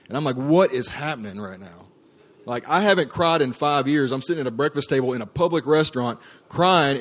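Casting note: man, mid-pitched voice, loose storytelling testimony, plenty of "like" and "uh". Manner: casual storytelling, many fillers and "like". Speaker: ministry staff member giving testimony. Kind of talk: personal testimony talk.

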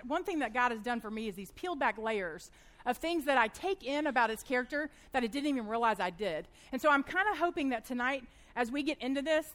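Lady in her 30s leading a bible study, talks quick, high voice, lively stories. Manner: fast-talking, animated storyteller. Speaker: women's Bible study teacher. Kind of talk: church teaching talk with personal stories.

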